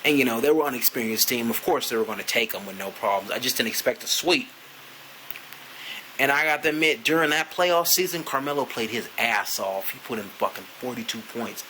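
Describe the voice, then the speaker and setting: A man with a bright, forceful voice rants loosely to camera about his team. He swears freely and rambles, leaning on "you know" between thoughts. A faint hiss sits under the recording. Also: mid-range voice, rough recording. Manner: profane, rambling, frequent "you know" fillers. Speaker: vlogger, sports fan. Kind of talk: casual fan rant to camera.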